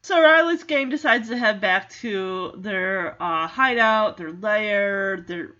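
A woman casually recapping a family film in an excitable, animated way, on a dull lo-fi recording. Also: medium pitch, slow pace. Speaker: movie recap host.

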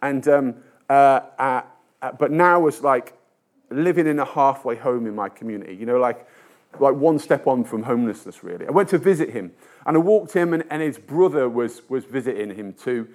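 A man's voice: mid-range voice, lively intonation, normal speed, a little mellow. A man preaching a sermon in a conversational storytelling way, with frequent hesitations and restarts and a self-deprecating tone.

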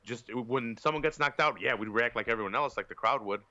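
A man's voice: medium pitch, fairly quick, sharp tone, no echo, dull audio. A man on a podcast telling a long, profane, rambling story in casual chat, with lots of fillers. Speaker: podcast co-host.

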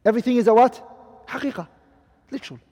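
Lo-fi audio with long hall reverb captures a man's extremely high, fast, mellow voice during a classroom lecture. He repeatedly questions his students and restates each Arabic term with what it means in English.

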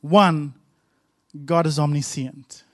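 A man's voice: on the high side, steady tone, takes it slowly, no echo. A man pastor preaching a sermon with emphatic, repetitive rhythmic phrasing.

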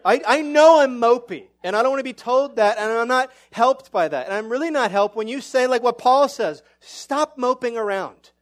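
A middle-aged man preaching a sermon as pastor, animated and self-mocking, his voice climbing when excited. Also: very high-pitched, brisk, hardly any pauses.

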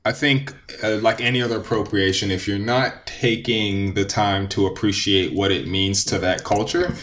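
Man, fairly low voice, casual debate, faint background noise. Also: steady tone, moderate pace, a bit bright. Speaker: podcast co-host. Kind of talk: casual chat.

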